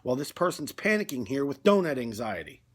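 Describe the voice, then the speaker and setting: A man's voice: medium pitch, sing-song, fairly quick. A man delivering a rambling, conversational comic monologue, full of fillers. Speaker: comedy video host.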